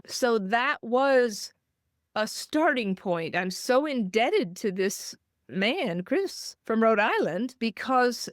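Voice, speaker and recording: A woman guest telling a personal story in an interview, animated and acting out the voices she quotes. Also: a little high, takes it slowly, dry recording, studio quality. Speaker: guest author.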